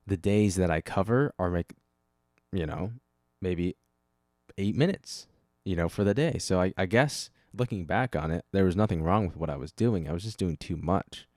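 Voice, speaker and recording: A man's voice: low voice, moderate pace, darkish tone, no echo, clean studio sound. A young man hosting his own podcast alone, rambling casually, breaking off his own thoughts and swearing offhand. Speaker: podcast host. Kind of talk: casual solo podcast chat.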